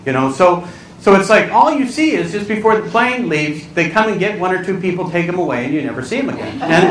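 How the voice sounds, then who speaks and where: Male comic keynote speaker, high lively voice, story-driven stand-up, recorded from afar in an echoey hall with room noise. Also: far from the mic. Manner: animated, acts out voices, squeals and cries out for comic effect. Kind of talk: stand-up storytelling to a live audience. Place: large hall with a live audience.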